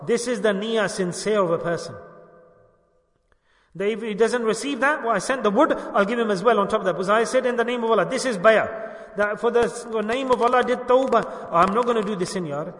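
High, bright-voiced male preacher in an echoey hall. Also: fairly quick, recorded from a distance. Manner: asks the audience questions and answers them himself, urges them to say it loudly. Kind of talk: religious sermon with call-and-response.

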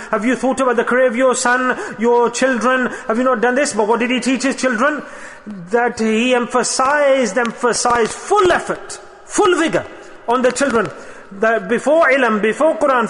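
A man's voice: sits high, fairly bright tone. A man preaching a sermon, emphatic and repetitive, mixing Arabic and Urdu religious terms into his talk. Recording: long hall reverb.

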